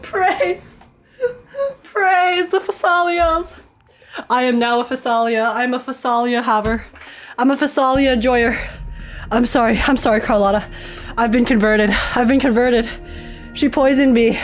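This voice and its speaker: A woman streaming live, reacting excitedly to game pulls and chatting with viewers. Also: a little high, moderate pace, soft background music.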